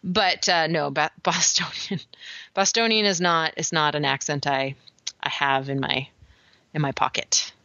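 A woman with a fairly low pitch and a bright, sharp tone co-hosts a health podcast. She explains things carefully and often restarts her sentences. Her voice comes through a dull, lo-fi mic with a dry sound. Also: steady tone, measured pace, no echo. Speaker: podcast co-host. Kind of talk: casual health podcast chat.

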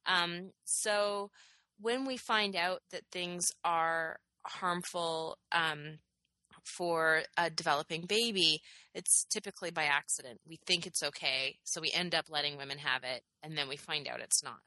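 Woman with low bright voice, chatty science explainer, lots of um and you know, dry sound. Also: unhurried, no room sound, rough recording. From Canada. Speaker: podcast co-host. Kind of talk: casual health podcast chat.

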